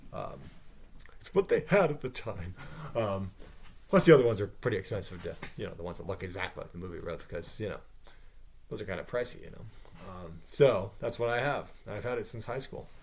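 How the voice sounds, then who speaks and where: A man talking off the cuff to camera, pitching a movie idea in a rambling way with asides and mild swearing. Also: lively intonation, a little fast, creaky, slight background noise. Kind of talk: casual off-the-cuff monologue.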